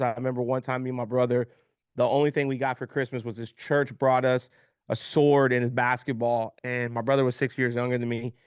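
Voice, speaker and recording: A man's voice: mid-range voice, clear, resonant tone, no room sound. A man in his thirties, a podcast guest, telling his life story openly and with emotion, often repeating words as he talks and swearing casually.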